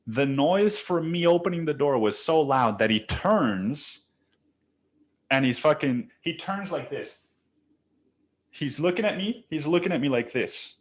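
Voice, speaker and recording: A man's voice: on the high side, unhurried. A young man hosting a podcast, telling a story in a casual, profane style and calling the listener "dude". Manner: profane, animated, slangy, says "dude" often. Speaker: podcast host.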